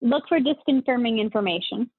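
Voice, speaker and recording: A woman's voice: fairly high pitch, brisk, dry recording. A woman guest on a podcast, chatting casually and enthusiastically, gushing and laughing often. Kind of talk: casual interview chat. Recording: tinny phone-like line.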